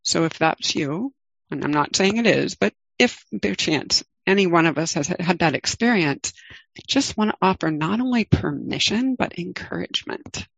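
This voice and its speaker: A middle-aged woman leading a guided meditation, speaking calmly and gently with long pauses. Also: fairly low pitch, gravelly, dry recording, poor audio. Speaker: meditation teacher.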